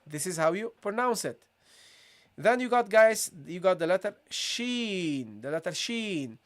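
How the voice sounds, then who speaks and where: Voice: mid-range voice, very animated, a little slow. A teacher giving a live-streamed language lesson, drilling pronunciation by repeating each sound and checking in with listeners again and again. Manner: drills sounds by repeating them, constantly checks with "okay?" and "guys". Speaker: Arabic teacher.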